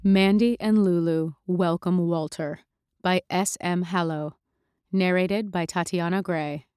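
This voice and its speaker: A woman's voice: on the low side, fairly even intonation, a little slow, a little mellow, clean tone, dry recording, studio quality. A woman narrating a story in the first person, in a chatty, sarcastic way full of "like".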